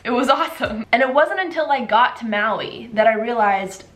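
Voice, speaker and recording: Bright, high-voiced woman vlogging. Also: expressive, normal speed, few pauses. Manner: chatty and upbeat, with a few restarts. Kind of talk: casual vlog talk to camera. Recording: echoey room with faint music.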